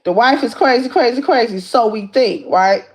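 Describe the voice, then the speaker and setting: A woman hosting a casual livestream, retelling a story in an animated, repetitive way with lots of asides to her viewers. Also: on the high side, moderate pace. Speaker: livestream host. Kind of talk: casual recap of a reality show.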